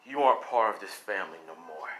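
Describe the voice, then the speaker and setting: A man's voice: deep voice, animated, fast, very noisy, pitched below the performer's own voice. A man voicing a cruel middle-aged father who coldly mocks and sells off his son, in a fan-made story. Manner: cold, gloating, mocking.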